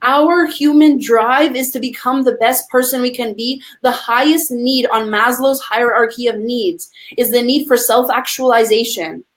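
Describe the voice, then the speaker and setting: A woman's voice: on the high side, moderate pace, few pauses. A woman speaking as a podcast guest, a coach who talks with passion and emphasis and addresses listeners as friends. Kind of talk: conversational podcast interview.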